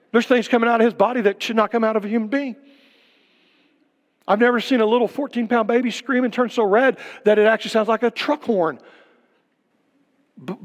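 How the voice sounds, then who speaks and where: An older man preaching a sermon, firing off rhetorical questions and dropping to a hush on key words. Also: sits high, long reverb tail. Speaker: pastor.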